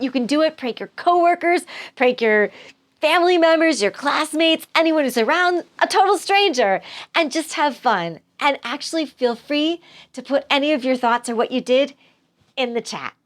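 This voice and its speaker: Woman vlogger, fairly high voice, animated storyteller who laughs a lot, chatting casually to camera. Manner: animated, laughs through her stories. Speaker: vlogger giving prank tips.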